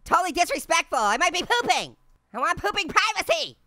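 A woman's voice: very high-pitched, very animated, brisk, sharp tone. A woman hosting a comedic let's-play, chatting and giggling as she plays a spooky game. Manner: giggly, jokey, exclaiming. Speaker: gaming channel host.

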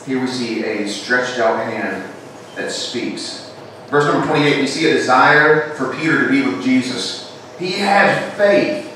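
A Southern American preacher gives a church sermon in a medium-pitched, expressive, unhurried voice. He builds to emphatic, raised declarations, then drops to soft, hushed lines. He sounds distant in a very echoey sanctuary, with a faint hum of room noise.

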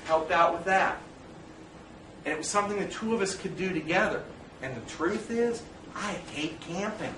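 A man's voice: high voice, bright, forceful tone, distant mic, slight background noise. Earnest man speaking in an echoey room. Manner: earnest, plain-spoken, direct address with personal stories. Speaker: parent speaker addressing fathers. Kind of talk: informal talk to an audience. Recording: roomy echo, speaker away from the mic, faint ambience.

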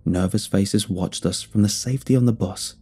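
A man telling a first-person horror story in measured scripted narration. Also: fairly low pitch, dark tone, husky. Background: faint music.

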